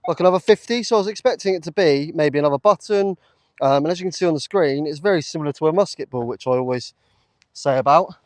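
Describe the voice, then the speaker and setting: A man talking casually to camera while metal detecting in a field, chatty and easily excited, with lots of fillers. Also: fairly high pitch, fast, no room sound, soft background music. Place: open field outdoors.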